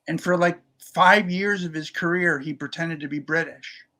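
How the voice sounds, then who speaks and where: A man co-hosting a comedy podcast, telling relaxed stories in casual chat. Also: a little high, normal speed. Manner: relaxed anecdotal storytelling. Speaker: podcast co-host.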